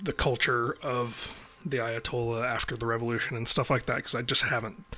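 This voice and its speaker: Bright-voiced man, relaxed and hesitant. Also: medium pitch, a little fast. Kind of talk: casual film discussion.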